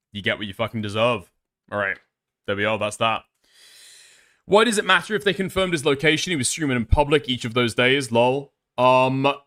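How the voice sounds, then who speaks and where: Sharp-voiced exasperated male streamer. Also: medium pitch. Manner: profane, exasperated, sardonic outbursts. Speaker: streamer reacting to videos. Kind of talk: live-stream reaction commentary.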